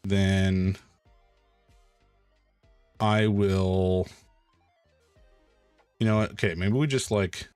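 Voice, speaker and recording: A man hosting a charity live stream, chatting casually while he draws and thanking donors in an excitable, joking way. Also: low voice, very slow, long pauses, clean tone, no room sound, soft background music.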